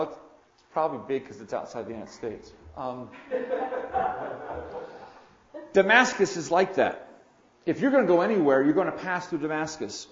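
Earnest preacher, echoey dull recording. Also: male voice, medium pitch, a little hiss or hum. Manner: earnest, swings between loud emphasis and quiet asides. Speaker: pastor. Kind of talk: sermon. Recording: echoey room, dull lo-fi sound.

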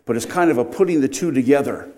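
A man's voice: medium pitch, fast, mellow. A middle-aged man preaching an expository sermon, emphatic, his voice rising and dropping sharply.

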